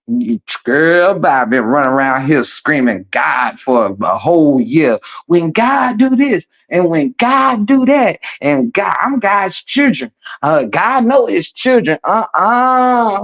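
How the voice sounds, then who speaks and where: A man's voice: fairly high pitch, highs cut off. A man doing a comedic gossip rant in a sassy, flamboyant manner, calling everyone "girl" and "child", breaking into laughter. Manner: breaks into laughter and gasps for breath. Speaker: commentator.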